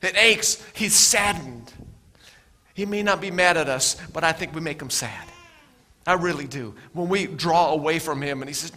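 A middle-aged male pastor preaches a sermon full of storytelling, earnest and often repeating his words, sometimes dropping into soft asides. His voice is fairly high and his speed normal.

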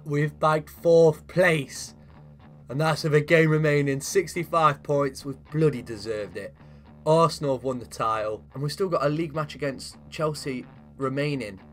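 A man giving lively, chatty commentary over a football video game, cheering and shouting at the big moments. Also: on the high side. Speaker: gaming commentator.

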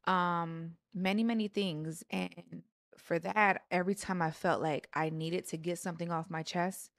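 A woman's voice: on the low side, fairly even intonation, a little slow, vocal fry, no room sound, clean studio sound. A woman co-hosting a podcast with her husband, speaking earnestly and personally, with rising emphasis. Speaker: podcast co-host. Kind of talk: casual conversational podcast.

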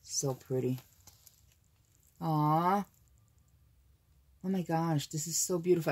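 A woman's voice: deep voice, takes it slowly, long pauses, darkish tone, slightly rough. An older American woman hosting a casual crafting unboxing, gushing and gasping with delight over papers. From United States. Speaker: crafting channel host.

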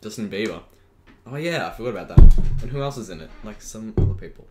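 A man's voice: fairly low pitch, animated, quick pace, over loud music. A teenage boy co-hosting a casual podcast chat, rambling and trailing off into mumbles. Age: teens. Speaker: podcast co-host. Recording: echoey room with faint noise.

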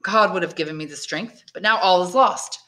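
A woman voicing a cautious, bitter old male prisoner who questions in a measured, guarded way. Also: fairly low pitch, a bit bright, lightly acted. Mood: regretful.

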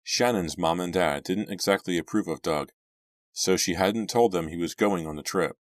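A man narrating a horror novel as an audiobook, friendly and measured. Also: deep voice, no echo. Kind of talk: reading a horror novel aloud.

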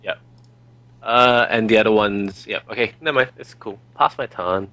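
Hesitant low-voiced man at a board game. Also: normal speed, bright, forceful tone, slight background noise, rough recording. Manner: hesitant, short replies with fillers. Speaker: opponent player. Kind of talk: casual board game play.

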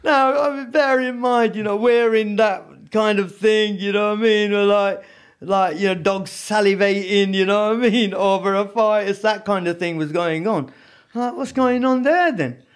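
A man with a high voice tells his story as a podcast guest. He talks in an animated, casual way and keeps checking in with his listener. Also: moderate pace, clear, resonant tone. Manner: animated, peppered with "you know what I mean". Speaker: podcast guest, former prisoner.

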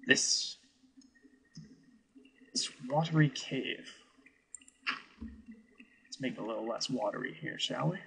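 A man's voice: mid-range voice, slow pace, creaky, pauses often, sharp tone, a little hiss or hum, poor audio. A man giving wry, musing commentary over a video game he is playing. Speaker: let's play host. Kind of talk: gameplay commentary.

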